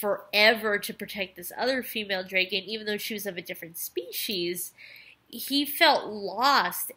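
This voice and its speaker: A woman's voice: mid-range voice, pushed and bright. A tipsy woman vlogger rambling and gushing through a casual episode review, with restarts and trailing asides. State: tipsy from wine.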